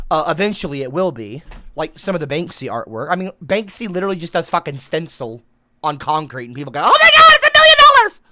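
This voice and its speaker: A man hosting a livestream, talking to his chat in a heated, profane rant. He stammers and often bursts into shouting. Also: on the high side, a little hiss or hum. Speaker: livestream host.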